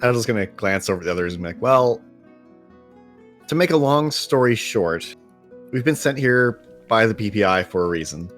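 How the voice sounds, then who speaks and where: A man playing his character in a tabletop game, explaining things loudly. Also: on the low side, lively intonation, normal speed, faint music behind. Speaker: player. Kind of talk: tabletop role-play.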